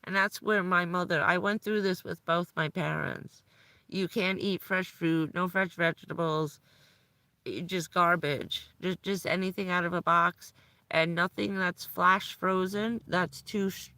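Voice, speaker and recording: A woman's voice: lowish voice, fairly even intonation, a little slow, pushed and bright, dry recording. A middle-aged woman chatting on a casual live stream, rambling and laughing often. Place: vehicle at night in the cold.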